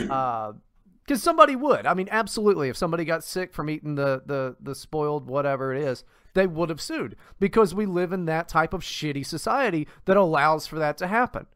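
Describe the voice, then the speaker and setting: A man's voice: fairly high pitch, expressive, moderate pace, a bit bright, no room sound, clean studio sound. Profane, exasperated podcast co-host man. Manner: profane, exasperated ranting with restarts. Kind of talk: casual chat.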